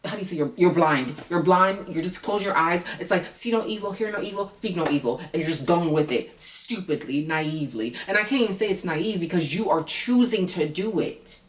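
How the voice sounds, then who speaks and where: A woman's voice: lowish voice, expressive, brisk, hardly any pauses, echoey room, far from the mic. A woman who reviews reality TV in a casual vlog, ranting bluntly and with a lot of profanity.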